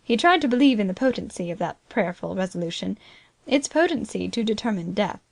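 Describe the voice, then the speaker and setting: A woman narrating an audiobook of a classic novel. She reads in steady, even scripted narration at a middle pitch. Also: a little fast, vocal fry, dry recording.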